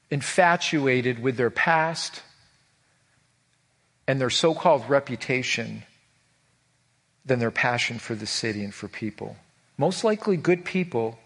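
A husky-voiced man preaching a heartfelt sermon. He talks earnestly, stumbles and repeats words as he goes, and moves between hushed, tender stretches and raised, urgent ones. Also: mid-range voice. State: emotional. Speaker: pastor.

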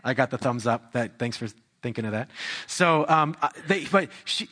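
Preaching in a church hall, this young pastor has a mid-range, bright, forceful voice with lively intonation and normal speed. Speaking conversationally into a handheld or stand mic, he restarts phrases and climbs to greater intensity.

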